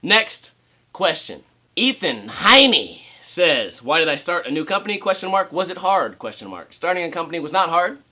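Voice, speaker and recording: A man's voice: fairly high pitch, sing-song, normal speed, bright, forceful tone. A young man vlogging about skateboarding at home, ranting sarcastically and swearing, and he often mocks other people's voices. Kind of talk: casual ranting vlog.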